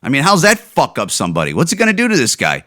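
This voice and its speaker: A man's voice: medium pitch, wildly swooping pitch, fast talker, sharp tone. A man hosting a podcast, ranting in a profane, exasperated way about viral videos and stumbling over repeated words. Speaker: podcast host.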